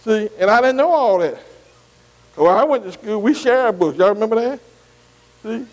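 A man's voice: high voice, expressive, moderate pace, poor audio. An older man teaching a Bible study sermon, filling his talk with "see?", "amen" and questions to the room. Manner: repetitive call-and-response, many "see" and "amen" asides. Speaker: pastor.

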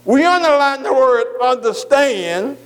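High-voiced preacher man reading scripture. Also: lively intonation, fairly bright tone, smooth. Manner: call-and-response, repeats phrases, asks the congregation questions; slow, drawn-out reading of scripture. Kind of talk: sermon.

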